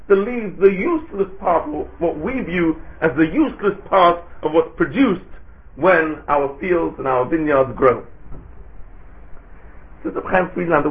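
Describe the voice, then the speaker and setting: Man preaching over a tinny line. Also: high-pitched. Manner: rhetorical questions and Hebrew phrases in a chanting lilt. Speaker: rabbi giving a Torah talk. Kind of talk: sermon. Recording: tinny phone-like recording.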